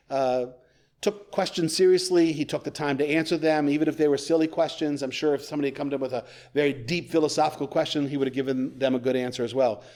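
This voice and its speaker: A man delivers a sermon as a rabbi, telling an old tale in a relaxed, conversational way and breaking off for jokey asides. His speaking voice sits a little higher than most men's, and he talks to the congregation as if chatting. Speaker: rabbi, guest preacher. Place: church sanctuary.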